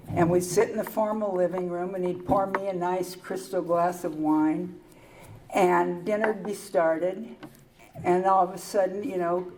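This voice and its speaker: An older woman speaking candidly at a recovery meeting, telling her personal story in a wry, halting way with pauses and restarts. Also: fairly low pitch, far from the mic, noisy background.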